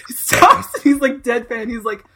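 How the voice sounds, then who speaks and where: A woman's voice: a little high, lively intonation, moderate pace, noisy background. Giggly rambling woman telling a story. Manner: rambling, many fillers, giggly. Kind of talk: casual chat, storytelling.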